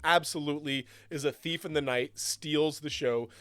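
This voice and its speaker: A man co-hosting a podcast, talking in an enthusiastic, animated way and laughing often. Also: a little high, normal speed, no echo, soft background music. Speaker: podcast co-host. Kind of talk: casual chat.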